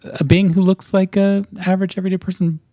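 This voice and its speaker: A man narrating a tabletop game as game master, describing scenes in detail with frequent pauses and ums. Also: sits high, little pitch movement, dark tone, dry recording, studio quality.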